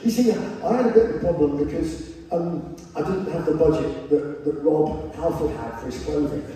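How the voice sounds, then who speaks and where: High-voiced man telling stories on stage. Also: moderate pace. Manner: wry, self-mocking, animated. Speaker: spoken word performer. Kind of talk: comic stage storytelling. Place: large theater stage. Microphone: camera in the front row of the audience. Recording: distant echoey theater hall, crowd noise.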